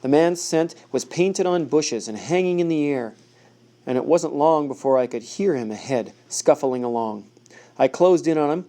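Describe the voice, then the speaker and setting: Mellow male audiobook narrator. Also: on the high side. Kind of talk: first-person novel narration.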